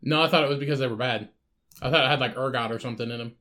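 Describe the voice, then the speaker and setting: A man's voice: medium pitch, rapid-fire, sharp tone. A man co-hosting a podcast in casual chat, blunt and mocking, swearing freely. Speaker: podcast co-host.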